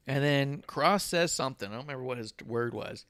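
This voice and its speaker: A man hosting a podcast, retelling a wrestling show with lively swearing and acted-out quotes. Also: mid-range voice, fairly quick, clean tone. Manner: animated retelling, voicing characters and swearing. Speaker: podcast host. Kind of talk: casual wrestling recap chat.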